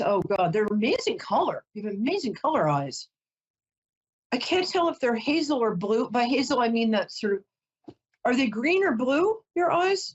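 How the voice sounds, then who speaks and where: A woman's voice: on the high side, highs cut off. A woman giving a live call-in psychic reading, chatty and emotional, often breaking off to apologize. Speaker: psychic reader.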